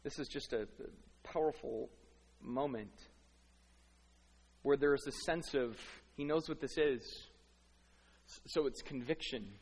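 A middle-aged man preaching a sermon, dramatically acting out inner thoughts with stammering repeats, swinging from hushed to loud. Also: mid-range voice, unhurried, long pauses, husky. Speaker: pastor. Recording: long reverb of a large hall.

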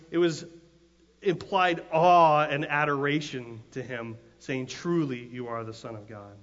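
A man of middle pitch preaching a sermon in a large church hall, with the sound trailing off in a long reverb. He talks in a loose, conversational way and often restarts his sentences. Then he builds to loud, impassioned cries, and the recording sounds dull and muffled. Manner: conversational storytelling with frequent restarts, rising to emphatic cries. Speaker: pastor.

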